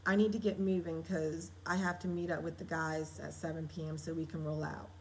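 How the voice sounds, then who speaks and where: A laid-back young man on his way to meet his friends, relaxed and friendly, as a woman reads his lines aloud. His voice sits on the low side, in an easy, everyday tone. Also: brisk. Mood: easygoing. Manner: read from her own draft in her everyday voice.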